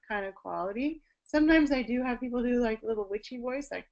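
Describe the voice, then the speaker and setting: A woman voice teacher talks fairly quickly with few pauses in a fairly high voice, captured in lo-fi sound. Through a video call, she presents online on singing technique, explaining it and demonstrating by singing and speaking.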